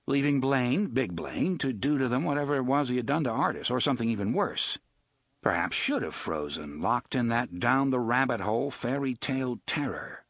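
A man giving an expressive, dramatic audiobook narration on a close studio mic. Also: mid-range voice, no echo.

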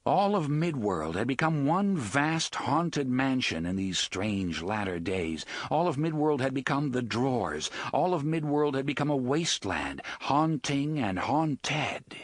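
A man giving an expressive, dramatic audiobook narration on a close studio mic. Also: medium pitch, measured pace, few pauses, no echo.

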